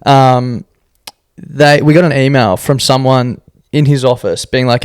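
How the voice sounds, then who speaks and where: A young Australian man, a podcast guest, telling a story in a casual, animated way and acting out what people said. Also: mid-range voice, moderate pace, clean tone, no room sound, clean studio sound. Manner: animated, laughs often, acts out quotes.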